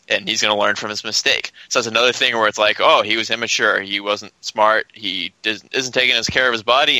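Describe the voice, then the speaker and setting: A man's voice: lowish voice, bright, forceful tone, no room sound, rough recording. A man co-hosting a podcast in casual sports chat, upbeat and hedging his points. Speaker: podcast co-host.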